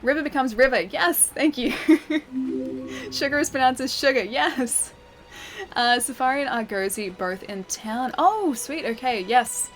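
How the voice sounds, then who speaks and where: A woman's voice: sits high, slow, soft background music. A young Australian woman chatting casually with her livestream chat while playing a game, laughing often and reading messages aloud. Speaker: streamer.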